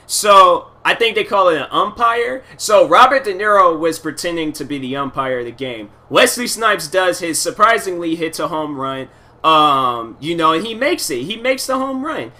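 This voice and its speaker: A man's voice: fairly high pitch, lively intonation, moderate pace, bright, forceful tone. A man talking alone in a loose, rambling way, retelling a movie and giving his opinions, full of fillers, repeats and casual slang. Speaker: solo podcast host.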